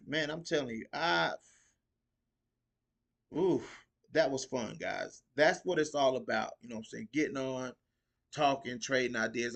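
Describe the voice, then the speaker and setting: A laid-back man hosts a casual, slangy podcast, laughing often as he chats. His medium-pitched voice is creaky, pushed, and bright.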